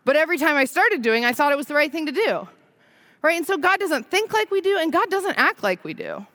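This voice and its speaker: A woman in her thirties preaching a conversational sermon, full of "right?" and "like" and quick laughs as she tells stories. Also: high voice, sing-song, pushed and bright. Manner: chatty, frequent "right?" and "like", laughs while telling stories.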